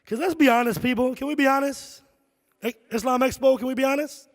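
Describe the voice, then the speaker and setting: A middle-aged man performs stand-up comedy in a large concert hall, shouting his punchlines with lots of animation. His voice is extremely high and fairly quick.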